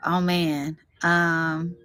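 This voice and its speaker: A woman hosting a spiritual reading vlog, talking in a slow, effusive and emotional way, close to tears of joy and calling her viewers y'all. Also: lowish voice, a bit bright, clear, resonant tone, dry recording. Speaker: spiritual reading channel host.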